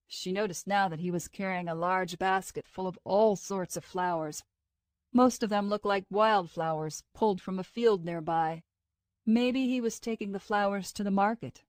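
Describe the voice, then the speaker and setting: In studio-quality audio with no room sound, a woman reads a scripted audiobook narration. Her mid-range delivery stays steady and measured.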